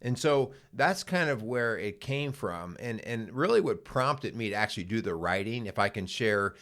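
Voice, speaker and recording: Low-voiced middle-aged man telling a story. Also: expressive, normal speed, a bit bright. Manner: rambling, with many fillers and restarts. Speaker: podcast co-host. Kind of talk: casual conversational storytelling.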